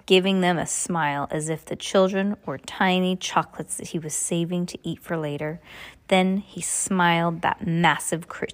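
A woman reading a novel aloud casually, stumbling over words and correcting herself. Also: lowish voice. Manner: casual, stumbles and self-corrects, comments aside. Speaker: reader.

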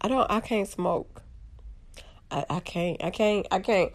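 A young woman, telling a funny story to her viewers in a lively, casual way. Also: mid-range voice, unhurried. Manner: animated, drawling, addresses audience as y'all.

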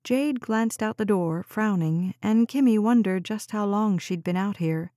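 A woman reading a novel aloud as an audiobook narrator, in calm and measured scripted narration. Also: mid-range voice, no echo, studio quality.

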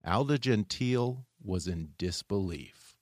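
A man hosting a podcast, reading scripted narration in a measured, dramatic way. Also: lowish voice, animated, a little mellow, no echo, clean studio sound.

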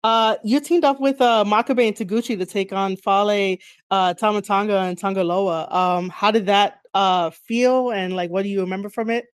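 A woman's voice: mid-range voice, fairly even intonation, normal speed, few pauses, clean tone. A woman hosting a casual interview, rambling with many fillers and easy laughs. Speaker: interviewer, podcast host.

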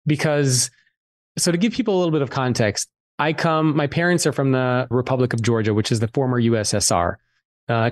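A man guest on a podcast, telling a personal story in a candid, animated way and swearing freely. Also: medium pitch, no room sound. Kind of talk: casual storytelling interview.

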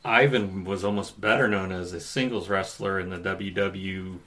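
A man co-hosting a casual talk show, knowledgeable and steady, fixing details as he tells stories. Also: deep voice, normal speed. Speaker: podcast co-host. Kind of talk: casual chat about wrestling.

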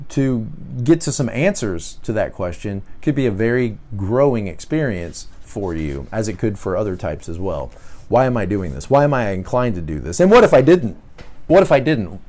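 Man musing aloud with lively pitch. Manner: reflective, repeats his questions aloud, frequent uh and you know. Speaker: podcast host. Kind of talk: faith-based self-help podcast monologue.

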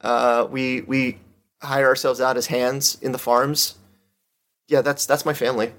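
A man's voice: medium pitch, level tone, measured pace, a bit bright. Eager earnest young man who loves running, played by a man in a tabletop game. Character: eager young male runner, simple and earnest.

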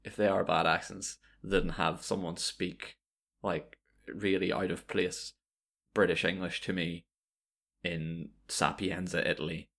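A man with a deep, gravelly voice chatting casually about games. He rambles along, restarting sentences and filling pauses as he goes. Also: flat delivery, a bit bright. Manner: rambling, many fillers and restarts.

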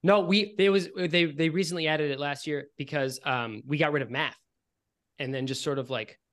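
A man voicing an excited young boy of about seven who plays a ranger, talking in an eager, stumbling, boastful way. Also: on the high side, normal speed, lightly acted. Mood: insistent.

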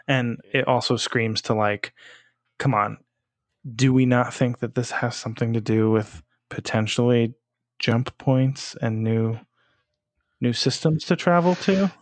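A man's voice: mid-range voice, dry recording. A man co-hosting a gaming podcast, chatting casually in an upbeat, joking way and laughing easily. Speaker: podcast co-host. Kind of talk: casual chat.

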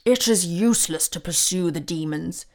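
A woman voicing a kindly old Santa Claus who speaks calmly and thoughtfully in a storybook reading. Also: lowish voice, moderate pace, lightly acted. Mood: musing. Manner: musing, calm.

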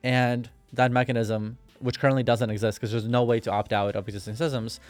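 Smooth-voiced man telling a story. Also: medium pitch, level tone, brisk, no room sound, soft background music. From Russia. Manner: rambling storyteller, many fillers. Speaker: podcast guest. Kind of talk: casual interview talk.

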